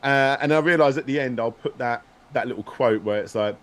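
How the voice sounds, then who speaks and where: A man in a casual streamed conversation, telling a story in an animated, rambling way. He restarts his sentences often and jumps up in pitch when he quotes himself or others. His voice sits at a middling pitch for a man. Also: a little fast. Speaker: guest, video maker. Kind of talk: casual chat.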